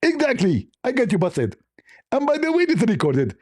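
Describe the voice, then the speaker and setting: A man's voice: extremely high pitch, wildly swooping pitch, moderate pace, a little mellow, voice pushed up, heavily acted. A man putting on the voice of an indignant male debate opponent, scolding and mocking. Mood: scolding, gloating. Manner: scolding, mocking, repeats "get a breath".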